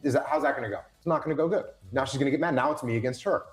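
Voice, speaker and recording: Animated man explaining in a roomy echo. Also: medium pitch, racing, soft background music. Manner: acts out quoted dialogue, emphatic repetition. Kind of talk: animated explaining with acted-out examples.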